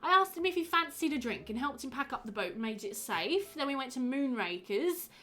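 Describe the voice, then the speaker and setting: A woman's voice: sits high, big pitch swings, fairly quick, sharp tone, voice pushed up, heavily acted. A woman voicing a defensive male village suspect in a broad, playful put-on regional accent.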